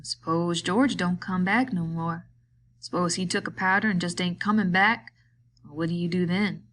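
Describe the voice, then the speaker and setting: Woman reading as a bitter lonely man, slow goading drawl, lowish voice, storybook reading. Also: steady tone, fairly bright tone, slight background noise, natural voice. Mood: taunting.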